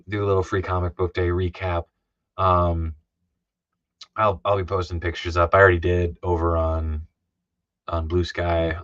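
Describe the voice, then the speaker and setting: Sounding tired, a comic artist rambles on a livestream in a low-sitting, fairly bright voice, full of fillers and restarts as he reads chat aloud. The audio is dry, dull, and lo-fi, with no echo.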